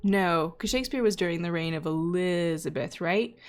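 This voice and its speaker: A woman with a slightly low voice hosts a live coding stream in a relaxed, chatty way. She thinks aloud as she works, filling gaps with "um" and "uh" and tossing in side remarks. Now and then she reads out comments from viewers. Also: normal speed. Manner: chatty, thinking aloud with many fillers and asides; reads chat messages aloud. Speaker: data scientist live-coding host.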